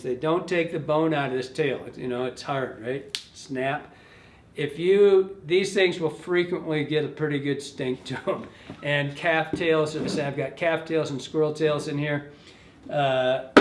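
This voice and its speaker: A man's voice: on the high side, noisy background. A man demonstrating fly tying step by step in a loose, casual way, thinking aloud and correcting himself as he goes. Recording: echoey room.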